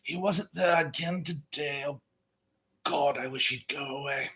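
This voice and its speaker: A man putting on an impression of a suave, measured film actor, reciting slowly and deliberately. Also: fairly high pitch, sharp tone, husky, full character voice. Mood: brooding.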